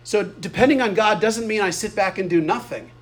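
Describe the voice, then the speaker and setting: A man's voice: high-pitched, brisk. A male pastor giving a sermon, retelling stories in a conversational way with casual asides.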